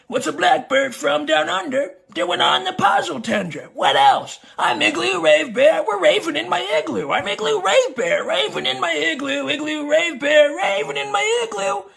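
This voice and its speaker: A man's voice: very high voice, lively intonation, moderate pace, gravelly, hardly any pauses, crowd noise, full character voice. Man singing as a raving igloo bear. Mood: upbeat. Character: party-loving male polar rave bear. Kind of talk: sung comic song.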